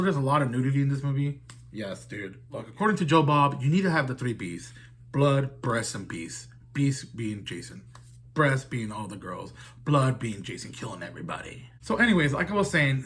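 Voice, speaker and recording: A man's voice: medium pitch, a bit bright, husky. A man recapping a horror film in casual, rambling talk, swearing often and leaning on fillers like "like" and "dude". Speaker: horror movie reviewer.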